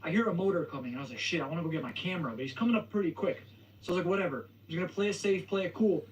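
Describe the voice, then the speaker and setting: A man's voice: high-pitched, expressive, racing, far from the mic, a little hiss or hum, low-quality recording. A young man hosting his video, retelling a story in a hesitant way that stutters and restarts. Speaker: video host. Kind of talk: storytelling vlog. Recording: video playing from across the room.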